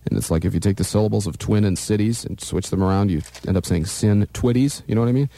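A man's voice: fairly low pitch, quick pace, creaky, warm tone. A man hosting a morning radio show, jokey and rambling, slipping into mock outrage. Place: radio studio.

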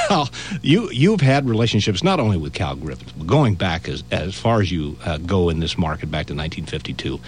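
A very deep-voiced male interviewer asks long, winding questions. His pitch moves a lot, and a faint hum sits behind him. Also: sing-song, a little fast, few pauses. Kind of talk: radio interview.

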